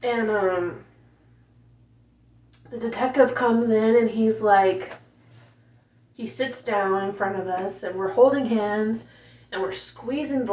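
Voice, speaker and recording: Soft-spoken woman, emotional, in a roomy space. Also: medium pitch. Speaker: mother telling her story. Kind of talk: casual personal storytelling. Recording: roomy, distant, dull home recording.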